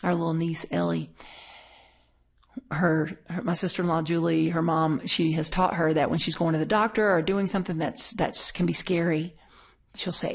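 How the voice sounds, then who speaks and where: A woman's voice: lowish voice, fairly even intonation, normal speed, slightly rough. A middle-aged woman minister giving a conversational, story-filled sermon. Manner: conversational, storytelling, laughs often.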